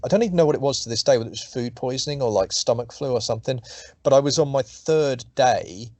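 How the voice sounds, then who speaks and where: The interviewed author, a middle-aged man, rambles about his writing in a casual way, with swearing and restarted sentences. His lowish voice is a little mellow, and the recording is dry.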